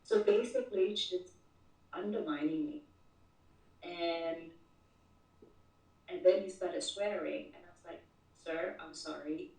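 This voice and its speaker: Far from the mic in an echoey room, a woman tells a story as an interview guest in a casual storytelling interview. Her voice is fairly low and slow with frequent pauses, and she's animated, repeating words when starting sentences.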